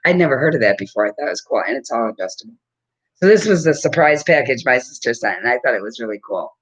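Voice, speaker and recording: A woman's voice: extremely low pitch, lively intonation, fast talker, breathy edge. A woman in her fifties chatting casually to camera at home, rambling and laughing often as she talks. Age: 50s. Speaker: vlogger. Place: at home with a dog. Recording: dull lo-fi recording.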